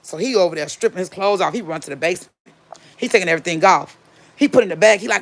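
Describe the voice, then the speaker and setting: A woman's voice: fairly low pitch, animated, fast, a bit bright. Chatty woman telling a story. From Gary, Indiana area. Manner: chatty and emphatic, repeats herself. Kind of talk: casual storytime.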